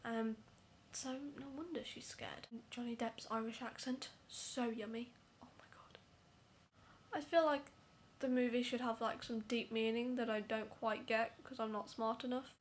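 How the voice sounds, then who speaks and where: A woman's voice: a little high, slight background noise. Chatty young woman vlogging. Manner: chatty and apologetic, often dropping to a whisper for asides. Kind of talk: casual movie review vlog.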